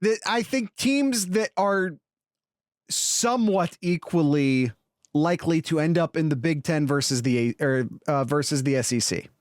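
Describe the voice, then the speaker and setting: High-pitched guy on a sports podcast, opinionated, dry close sound. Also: a little slow, dry recording. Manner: animated, opinionated, talks in bursts with restarts. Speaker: podcast co-host. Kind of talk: casual sports podcast talk.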